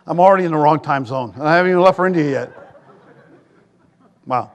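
A man preaching a sermon as pastor, animated, jumping to loud, high quoted voices and dropping into wry asides. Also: quick pace, muffled recording. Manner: animated, rises to shouts for quoted voices, self-deprecating asides. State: tired.

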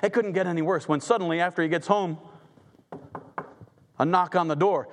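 A man's voice: sits high, moderate pace, pauses often, a little hiss or hum. A man telling a Bible story as a preacher, dramatic and conversational, acting out the characters. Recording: long hall reverb.

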